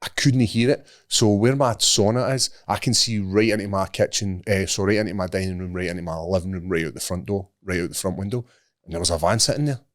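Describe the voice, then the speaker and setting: A man's voice: sits low, fast talker. Sweary Scottish man telling a story. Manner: animated storytelling, sweary, acts out voices. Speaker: podcast host. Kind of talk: casual chat.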